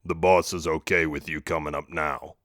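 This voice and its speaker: A man voicing a gruff, curt bodyguard, speaking in a low voice, read in a storybook. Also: fairly even intonation, normal speed, fairly bright tone, no echo, studio quality.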